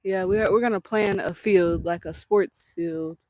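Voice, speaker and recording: A woman's voice: on the low side, fairly even intonation, measured pace, darkish tone, a little hiss or hum, poor audio. Chatty woman touring her land. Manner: chatty, thinking aloud while walking. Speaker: homesteader giving a tour of her land. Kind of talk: casual walking tour. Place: outdoors on a rural trail. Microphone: husband's handheld camera.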